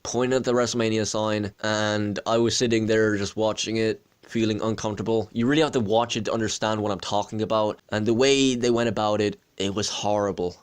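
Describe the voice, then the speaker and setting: A young man in his twenties with an Irish accent chats through viewer questions in a relaxed, joking way. He pokes fun at himself as he goes. His voice sits a little low. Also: brisk, few pauses, clear, resonant tone. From Ireland. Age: 20s. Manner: chatty, joking, self-deprecating. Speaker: wrestling channel host. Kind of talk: casual Q&A vlog chat.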